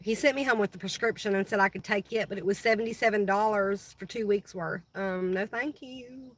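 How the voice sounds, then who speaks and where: A woman's voice: mid-range voice, fairly quick, low-quality recording. A middle-aged woman hosting a casual livestream, chatting with viewers and answering their comments by name. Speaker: livestream host.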